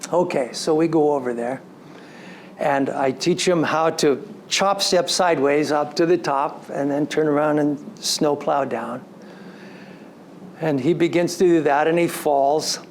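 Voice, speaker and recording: A man giving a storytelling lecture to an audience, recounting a personal story in an animated way and slipping into quoted dialogue. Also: fairly high pitch, measured pace, a little hiss or hum. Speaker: story coach.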